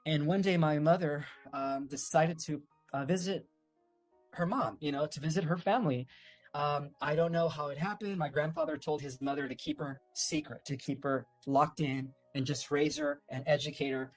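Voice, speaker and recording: A man's voice: on the high side, fairly even intonation, normal speed, faint music behind. A man, a guest on an interview, telling a long family story in a loose, rambling way with many fillers and restarts. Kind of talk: casual storytelling.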